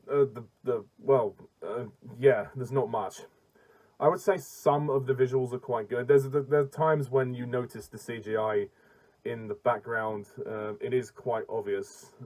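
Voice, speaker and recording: A man's voice: mid-range voice, darkish tone, low-quality recording. A man reviewing a film in a casual rant, blunt and exasperated, often stumbling and restarting his sentences.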